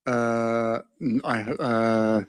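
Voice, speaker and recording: A man's voice: mid-range voice, flat delivery, extremely slow, clear, resonant tone, no room sound. English-accented male guest, hesitant, self-deprecating, comedic interview. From England.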